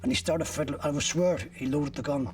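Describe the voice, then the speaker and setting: A man's voice: fairly high pitch, fairly even intonation, fairly quick, distant mic, slight background noise. An older man from Ireland bluntly retelling his own arrest in vivid first-person detail, swearing freely. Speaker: interviewee recounting his arrest.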